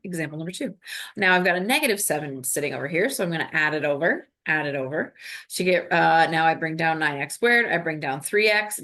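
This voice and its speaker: A woman's voice: sits low, fairly bright tone. A woman math teacher recording a lesson, talking students through each step in an upbeat, coaching way.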